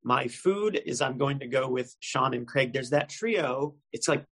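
A man in casual podcast chat, telling a self-mocking story with a gravelly voice. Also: medium pitch, lively intonation, unhurried, fairly bright tone, poor audio.

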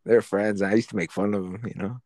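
A man's voice: fairly low pitch, fairly even intonation, fast, a little mellow, no echo. A young man telling a schoolyard fight story in casual, profane slang, acting out his own past lines.

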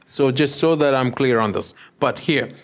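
A pastor preaching a sermon, often stopping to check that the listeners follow him. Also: male voice, medium pitch, normal speed. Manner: keeps checking in with the listeners, asking "yes?".

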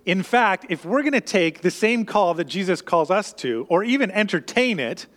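A man with a notably high voice preaches a sermon, explaining scripture in a relaxed, conversational way and often restarting his sentences. His voice rings out with the long reverb of a large hall. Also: moderate pace. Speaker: pastor.

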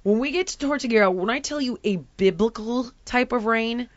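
A woman hosting a chat show, telling a story in an animated, exaggerating way and acting out quotes. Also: on the high side, brisk, dry recording, dull audio. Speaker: podcast host telling a story. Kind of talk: casual chat.

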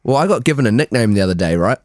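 Male NZ podcast co-host, 30s, chatty and swearing, mid-pitched, dry close sound. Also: animated, very fast, a little mellow, no room sound. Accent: New Zealand. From New Zealand. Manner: laughing storyteller, swears freely. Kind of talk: casual chat.

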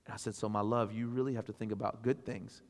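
A man in his thirties preaching a sermon, swinging between animated, loud passages and soft, quiet storytelling. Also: lowish voice, fast. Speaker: pastor. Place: church sanctuary. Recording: long hall reverb.

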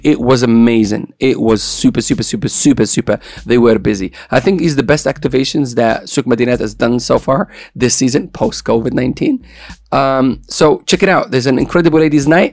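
A man's voice: mid-range voice, brisk, darkish tone, no echo. A man hosting a radio show in casual, joking chat, with playful banter and repeated catchphrases.

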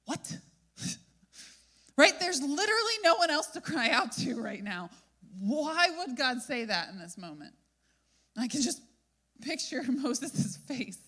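A woman's voice: sits high, measured pace, pauses often, husky. Woman pastor, sermon, chatty storyteller, checks in with the congregation. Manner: lively storytelling, frequent "right?" asides.

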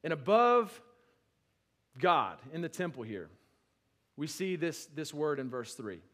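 Pastor guy giving a sermon, kinda high voice, chatty with restarts, gets loud for emphasis then drops quiet. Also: big pitch swings, takes it slowly. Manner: emphatic, building to loud peaks then dropping low; conversational with restarts and asides.

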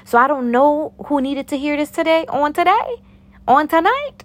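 A young woman giving a casual, preachy talk of faith encouragement to her viewers, animated and calling them honey and sugar plum. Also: sits high, moderate pace. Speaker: faith-based encourager and YouTuber.

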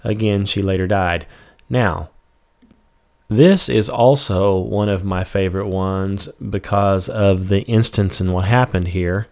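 Deep-voiced and unhurried, this Bible teacher reads verses in a laid-back study session, then explains them in simple, everyday terms. His delivery is easygoing, dotted with fillers like "um" and "you know."

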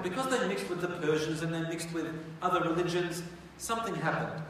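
A man's voice: fairly high pitch, fairly quick, a bit bright. A man teaching religious history as a conversational storytelling lecture, often asking his listeners rhetorical questions. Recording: echoey hall from far off, faint noise.

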